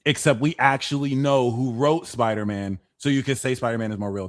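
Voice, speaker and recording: Tarot reader on a live stream: man, playful slang, mid-pitched voice, lively patter. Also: brisk, hardly any pauses.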